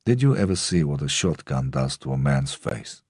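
Guy reading as a grim old russian guy with a rural english twang, gruff and slow, super deep husky voice. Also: big pitch swings, a little mellow, no echo, studio quality, heavily acted. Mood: menacing. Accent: Russian mixed with rural English. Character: menacing old Russian-born man holding a shotgun.

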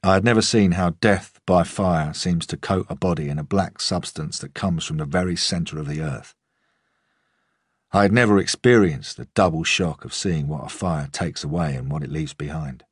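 A very deep, grainy male voice reads a crime story in the first person, measured and grave. He is recorded close on a studio mic with a completely dry sound and no room at all. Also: husky, no echo. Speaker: audiobook narrator. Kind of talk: scripted narration.

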